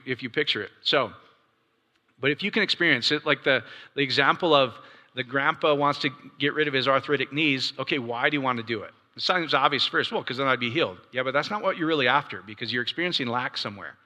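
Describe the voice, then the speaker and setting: A man preaching earnestly and leading a guided prayer, calling his listeners "guys" and easing into soft, coaxing tones. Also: mid-range voice. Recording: long hall reverb.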